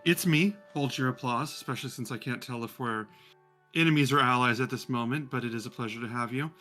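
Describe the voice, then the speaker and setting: A man's voice: medium pitch, fairly quick, bright, forceful tone, faint music behind, natural voice. A man voicing a grand, haughty seven-foot-tall noblewoman who is gracious but condescending. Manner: theatrical, gracious yet condescending.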